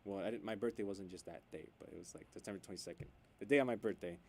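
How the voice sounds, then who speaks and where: A man co-hosting a radio sports show, chatting casually and getting loud and animated when worked up. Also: fairly low pitch, rapid-fire. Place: radio studio.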